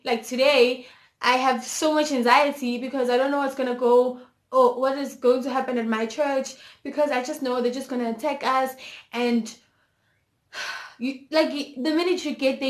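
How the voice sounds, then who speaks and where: A young woman with a South African accent from Zulu country, telling a candid, emotional storytime in her vlog and mixing English with Zulu. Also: sits high. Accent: South African, Zulu-inflected. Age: young adult. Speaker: vlogger. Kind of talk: personal storytime. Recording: roomy echo.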